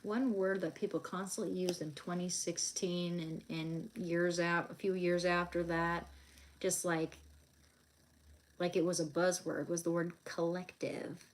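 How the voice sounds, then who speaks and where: A woman's voice: fairly low pitch, little pitch movement, a little slow. A young woman chatting casually on a live stream while she draws, rambling with many fillers and restarts.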